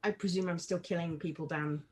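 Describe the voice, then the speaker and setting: A woman plays a tabletop game, calling out her character's moves in short, matter-of-fact lines. Her voice is lower than most and breathy, with a husky grain. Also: steady tone, brisk. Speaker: player. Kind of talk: casual tabletop play.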